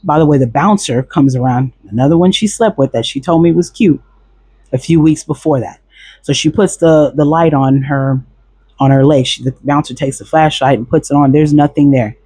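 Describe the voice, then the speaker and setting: Husky, profane man telling a story. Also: a little high, normal speed, no echo. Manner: blunt, profane, animated retelling with quoted voices. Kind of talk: casual storytelling to camera.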